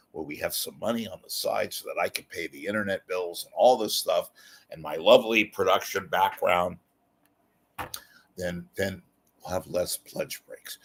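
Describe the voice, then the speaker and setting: A man's voice: low-pitched, husky. A man hosting a show, rambling and kvetching in a self-mocking way while he appeals for donations and reads comments. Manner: reads viewer comments aloud. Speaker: show host. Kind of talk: casual monologue with a donation appeal.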